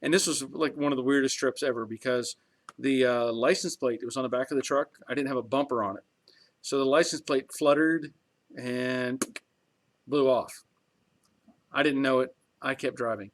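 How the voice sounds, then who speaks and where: A man's voice: medium pitch, fairly even intonation, normal speed. A middle-aged man hosting a garage channel, chatting casually on a live stream and reading viewer comments in a talkative, rambling way with chuckles.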